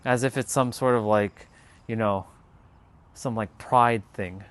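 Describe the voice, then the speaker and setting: A man's voice: lowish voice, steady tone, a little slow, a bit bright. A man chatting casually on his live stream, laid-back and rambling as he talks straight to his viewers.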